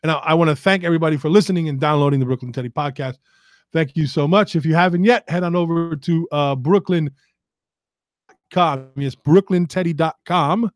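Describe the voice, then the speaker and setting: A middle-aged man hosts his own podcast, muttering to himself in rambling, profane chatter as he sets up a live stream. His voice is on the high side and a little fast. The recording is studio quality with no room sound.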